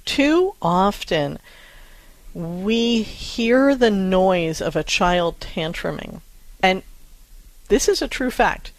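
A woman co-hosting a parenting show, speaking in a calm, reassuring, measured way to a caller. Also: mid-range voice, dry recording, low-quality recording. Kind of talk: advice talk.

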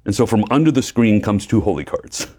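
A man, a preacher and guest, telling his faith story in a lively way, acting out quotes and laughing often. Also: lowish voice, brisk. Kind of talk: personal testimony in conversation.

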